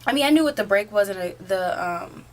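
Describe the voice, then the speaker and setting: Speaking at a fairly quick clip with lively intonation, an eighteen-year-old woman vlogger tells a loose, meandering story packed with fillers, "like" most of all. Her pitch is medium, and there's slight background noise.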